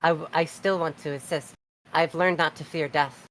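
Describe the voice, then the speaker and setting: A woman plays a timid young adventurer girl in a tabletop game. She stammers and pleads, in a low voice with a faint hiss of noise behind. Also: fairly even intonation, moderate pace, a bit bright, poor audio. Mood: earnest.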